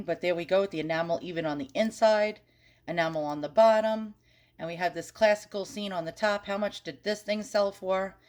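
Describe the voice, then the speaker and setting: A woman hosting an antiques channel, talking casually and frankly as she browses listings on her computer, swearing mildly and stumbling over French words. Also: lowish voice. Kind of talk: casual screen-recorded research commentary.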